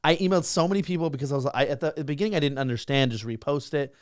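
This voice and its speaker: A man's voice: on the high side, rapid-fire, no echo, clean studio sound. A young man telling stories about his career in a casual interview, full of fillers and restarts. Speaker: guest, social media creator.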